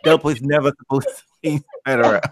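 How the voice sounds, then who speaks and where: A man co-hosting a casual chat show, talking in an animated, joking way and often repeating "you know what". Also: mid-range voice, fast talker. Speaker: podcast co-host.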